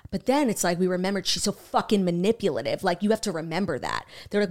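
A podcast co-host with a lowish voice talks fast with few pauses while casually retelling a true crime documentary. She's animated, swears freely, and acts out what people said.

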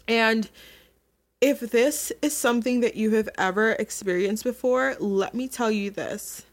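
A woman's voice: fairly high pitch, unhurried. A young adult woman hosting her own podcast, talking candidly and chattily straight to her listeners. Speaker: podcast host. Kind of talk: casual solo podcast monologue.

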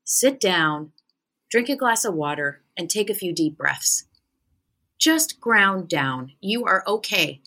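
A young adult woman, a spiritual medium, chatting casually on a podcast, telling animated stories and acting out the voices of the people in them. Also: medium pitch, slow pace.

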